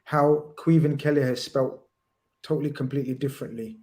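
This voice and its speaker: A man co-hosting a casual live stream, reading viewer messages and bantering in a playful, animated way. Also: medium pitch, fairly quick.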